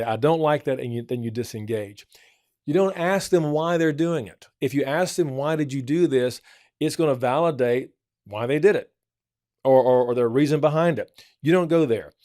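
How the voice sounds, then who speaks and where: A church family counselor with a mid-range, dark-toned voice offers earnest parenting advice on a church program, often repeating points for emphasis. The studio-quality recording has no room sound.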